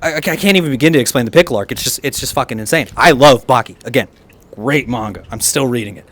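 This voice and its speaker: A man co-hosting a casual anime review chat, enthusiastic and animated, with quick asides and laughs. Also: medium pitch, slight background noise. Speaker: co-host.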